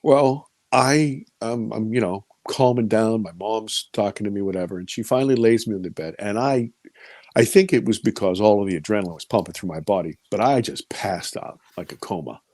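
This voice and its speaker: A man's voice: on the low side, fairly quick, darkish tone, no room sound. A man in his fifties telling a vivid personal story as an interviewee, repeating words as he gets caught up in it. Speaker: interviewee recounting an encounter.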